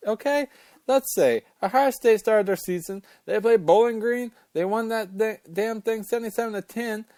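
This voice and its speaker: A man's voice: sits high, normal speed, a little mellow, no room sound. A man hosting a casual sports talk show, ranting about college football rankings in an opinionated, fired-up way and cussing as he gets worked up.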